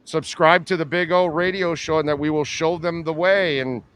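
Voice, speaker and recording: A man hosting a sports radio show, making a playful, joking recruiting pitch over a remote call while outdoors in the wind. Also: fairly even intonation, moderate pace, fairly bright tone, poor audio. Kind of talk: casual sports talk. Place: outdoors by a cigar bar in strong wind. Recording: faint wind and traffic noise.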